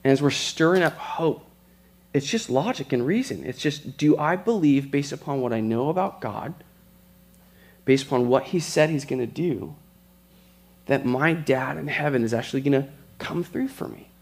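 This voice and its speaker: A man's voice: medium pitch, lively intonation, creaky. Man preaching a conversational sermon. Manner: conversational, storytelling with quick asides. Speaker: pastor.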